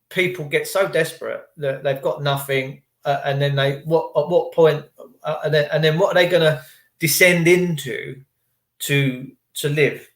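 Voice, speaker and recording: A man's voice: a little high, a bit bright, echoey room. A man ranting in a rambling, indignant commentary, full of rhetorical questions. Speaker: vlogger.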